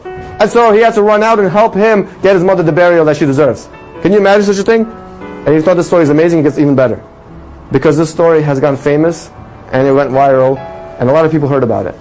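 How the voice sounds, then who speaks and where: A man's voice: a little high, quick pace, a little mellow, soft background music, poor audio. A man telling an inspirational story to an audience as a rabbi, emphatic and full of rhetorical questions. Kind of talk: storytelling talk.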